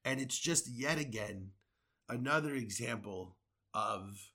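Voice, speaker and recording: A man's voice: medium pitch, slow, pushed and bright, husky. A man from the United States, a podcast host, delivering an angry, profane political rant with sarcastic asides.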